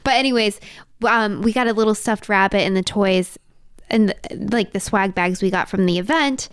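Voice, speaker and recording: A pregnant woman in her thirties co-hosting a relaxed home podcast. She talks candidly at a middling pitch and laughs through her stories. The recording is close and dry. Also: moderate pace, clear, resonant tone, no echo. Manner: chatty and candid, laughs while telling stories. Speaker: podcast co-host. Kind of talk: casual chat.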